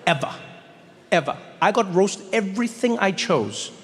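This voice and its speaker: A man performing a stand-up routine on a large stage, telling stories in an animated way and stumbling over restarts. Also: sits high, normal speed, big-room sound. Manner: animated storytelling, stammers on restarts. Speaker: stand-up comedian.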